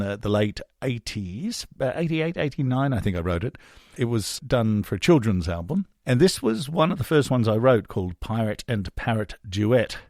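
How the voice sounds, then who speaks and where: This is a podcast narrated by a former drama teacher from Australia, who talks casually, pokes fun at himself, and breaks into goofy character voices. He speaks on the low side with a slightly mellow tone. The sound is studio quality with no room sound.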